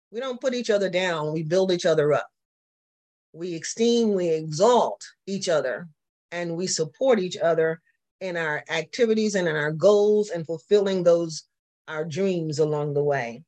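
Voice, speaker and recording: With a high, somewhat dark voice, a Southern pastor leads a church class. He tends to repeat himself, and he poses questions to the class throughout.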